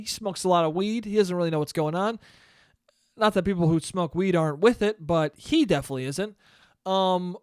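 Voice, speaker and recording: A young man hosts his own podcast, telling a long story in a loose, profane ramble that keeps flaring into loud disbelief. His voice sits high for a man. The sound is close and dry, with no room around it. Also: dry recording. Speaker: podcast host. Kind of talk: solo podcast monologue.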